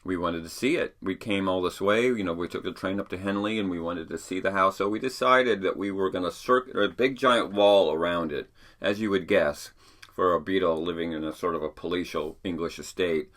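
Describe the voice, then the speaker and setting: A man's voice: low voice, fairly quick, fairly bright tone. A middle-aged man hosting a show from his attic, telling stories in a chatty, rambling way with fillers and restarts. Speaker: podcast host. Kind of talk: casual storytelling. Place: home attic.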